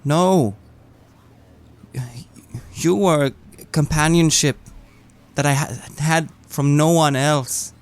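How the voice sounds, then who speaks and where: A man playing a tabletop game in character, speaking in halting, earnest, stammering phrases. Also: on the high side, fairly even intonation, clear, resonant tone. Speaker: player.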